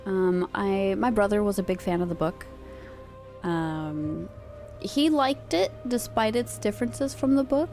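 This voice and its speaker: A woman's voice: medium pitch, lively intonation, measured pace, a little mellow. Chatty woman streamer, faint music. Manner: chatty, rambling, laughs easily. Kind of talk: casual chat.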